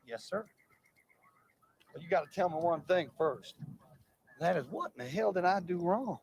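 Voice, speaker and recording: An actor playing a brash Southern man in a film, bluffing and flirting with a loud, drawling swagger. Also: sits high, lively intonation, moderate pace, vocal fry, a little hiss or hum, low-quality recording. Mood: smooth-talking. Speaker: film character. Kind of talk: film dialogue.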